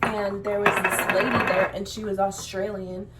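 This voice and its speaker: A young woman, a youth ministry leader, chatting casually while cooking and telling an animated story. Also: mid-range voice, moderate pace, very noisy.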